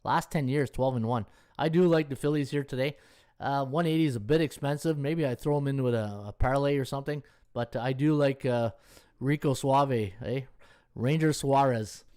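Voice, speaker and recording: A man hosting a daily sports betting podcast in a loose, unscripted chat. His voice sits at an ordinary middle pitch, and he rambles, restarts and thinks aloud while checking schedules on screen and reading viewers' chat. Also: a little mellow. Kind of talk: casual live-stream chat.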